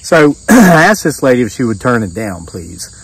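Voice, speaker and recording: A man's voice: mid-range voice, moderate pace, slightly rough, distant mic, rough recording. Middle-aged man rambling through a story. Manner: rambling, animated retelling with restarts and quoted dialogue. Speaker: homesteading vlogger. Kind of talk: casual storytelling monologue. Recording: voice set back from the mic.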